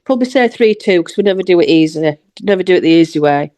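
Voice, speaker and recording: A woman's voice: lowish voice, expressive, fast talker, warm tone, dry recording. A woman with a Yorkshire accent chatting casually as a podcast co-host and laughing often. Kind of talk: casual chat.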